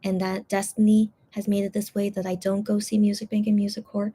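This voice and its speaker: A woman's voice: medium pitch, flat delivery, dark tone. A woman chatting on a casual livestream, rambling with many fillers and confiding her feelings to her viewers. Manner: rambling, heavy with fillers like "you know" and "like"; emotional and confiding, quick to apologise. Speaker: livestream host reading chat.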